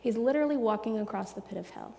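Woman Bible teacher, slightly high, gravelly and warm; earnest, chatty delivery in a reverberant space. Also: fast talker. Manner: earnest, chatty, drops into soft hushed asides. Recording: long echoey reverb.

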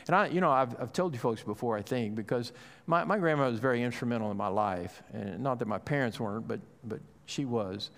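A man's voice: mid-range voice, brisk, creaky, a bit bright. A middle-aged male pastor delivers a sermon in a conversational storytelling manner, full of little hesitations and restarts. His voice sits in an ordinary male middle range. The sound carries a long reverb, as if it was captured in a large church hall.

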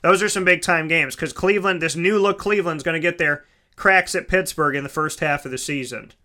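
Bright, crisp-voiced male sports talker. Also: on the high side, a little fast. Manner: chatty, rambling, corrects himself mid-sentence; addresses listeners as folks. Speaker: sports show host. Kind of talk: casual solo sports talk.

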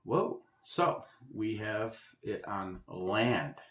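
A man's voice: fairly low pitch, expressive, drawn-out words, fairly bright tone. Male podcast co-host, playful banter, echoey room sound. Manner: joking, laughs often. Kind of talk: casual podcast chat. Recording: roomy echo.

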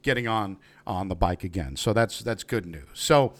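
A man in his fifties co-hosting a casual chat, jokey and halting, with plenty of fillers. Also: on the low side, animated. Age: 50s. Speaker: co-host.

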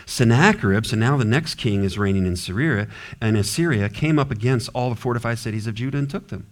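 A man pastor preaching an expository sermon, animated and acting out characters with varied voices. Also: mid-range voice, fairly quick. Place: church sanctuary.

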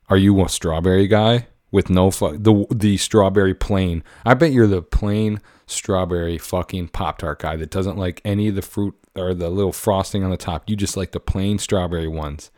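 A young man with a low, deep voice hosts a casual podcast. He rants in a playful, profane way and then drifts into loose storytelling. The sound is dry and close, with no room echo. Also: moderate pace, a little mellow. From United States. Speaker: podcast host.

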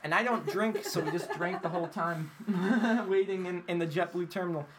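A man's voice: high-pitched, moderate pace, a bit bright, a little hiss or hum. A man hosting a casual podcast chat, telling rambling stories and laughing often. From Massachusetts. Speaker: podcast host.

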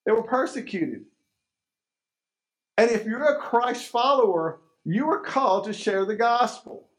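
A man's voice: very high-pitched, expressive, a little slow. A man preaching a sermon as pastor, emphatic, asking rhetorical questions and repeating key phrases.

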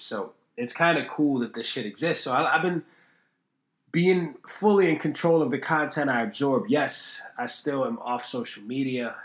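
A man's voice: medium pitch, fairly bright tone, echoey room. A man hosting a casual solo podcast, rambling and swearing freely while joking at his own expense. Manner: rambling, profane, self-deprecating. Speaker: podcast host.

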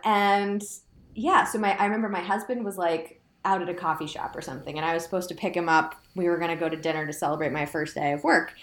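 A chatty woman in her thirties tells a personal story, peppering it with "like" and quoting what she said. Her voice sits fairly low, and the room around her gives it a noticeable echo. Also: fairly even intonation, fast, fairly bright tone. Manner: chatty, many "like" fillers, quotes herself. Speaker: guest sharing her story. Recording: roomy echo.

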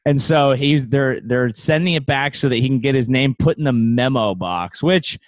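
A man of middling pitch talks loosely on a late-night home podcast call, wandering through his thoughts with wry asides. His voice sounds dry and close, with almost no room around it. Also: normal speed, no room sound. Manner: rambling, musing, wry. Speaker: podcast co-host. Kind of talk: casual late-night chat over a call.

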